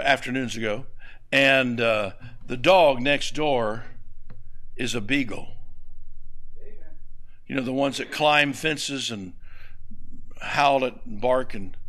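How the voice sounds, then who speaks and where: A man preaching a sermon, telling a folksy personal story with asides and drawn-out emphatic words. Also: mid-range voice, bright, forceful tone, rough recording. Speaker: pastor.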